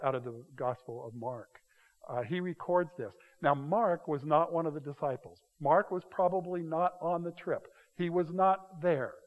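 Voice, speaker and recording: A male pastor preaching a sermon, talking casually and telling stories with quick acted-out voices. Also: fairly high pitch. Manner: conversational, animated storytelling with quick acted-out voices. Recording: dull sound with long hall reverb.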